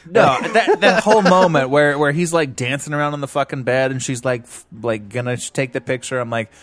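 A man co-hosting a casual movie podcast, talking in an animated, profane way. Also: medium pitch, fairly quick. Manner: animated, swearing, quotes others in voices. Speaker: podcast co-host. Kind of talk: casual chat.

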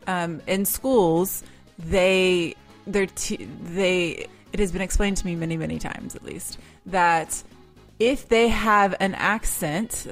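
A woman's voice: lowish voice, creaky. A woman co-hosting a casual film chat, talking emphatically and laughing often. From lives in France. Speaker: podcast co-host.

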